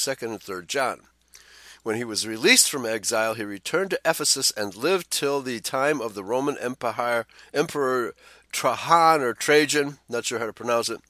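A man with a bright, clear-toned voice reads a church-history passage aloud and keeps breaking off for quick asides of his own. He is recorded dry and close, with no room sound. The pitch sits in a middle range. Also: dry recording. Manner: reads passages with side remarks and frequent "uh" fillers. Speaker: co-host of a Bible study show. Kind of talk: reading a text aloud with commentary.

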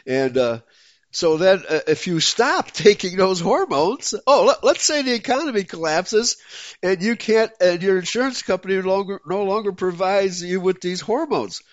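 A man hosting a talk show, speaking in an excitable, emphatic way and often breaking into laughter. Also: sits high, normal speed, no echo. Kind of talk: casual talk show conversation. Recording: dull lo-fi dry sound.

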